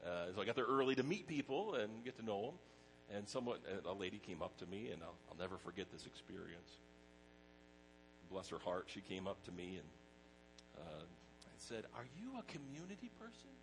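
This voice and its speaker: A middle-aged pastor preaching a sermon in a conversational way, mixing personal stories with scripture. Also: male voice, low-pitched, brisk, noisy background.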